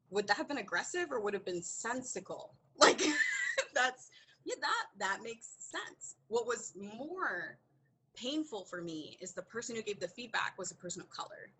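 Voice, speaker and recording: A woman's voice: medium pitch, a little hiss or hum, rough recording. A woman as a podcast guest, telling a candid story with lots of acted-out dialogue and frequent laughter. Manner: animated, acts out quoted dialogue, laughs often.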